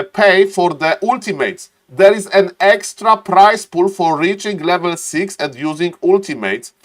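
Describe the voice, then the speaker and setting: An excitable man casts a strategy game live, with a somewhat high voice. He chats with viewers between plays and laughs often. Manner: excitable, laughs often, repeats "ladies and gentlemen". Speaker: game caster and streamer. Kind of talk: live esports commentary and chat reading.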